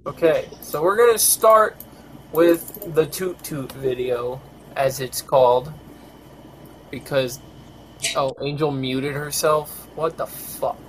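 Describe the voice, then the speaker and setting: A man's voice: fairly high pitch, slow, slight background noise, low-quality recording. A tired man hosting a podcast in casual chat, grumbling and swearing often. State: tired, yawning. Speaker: podcast host.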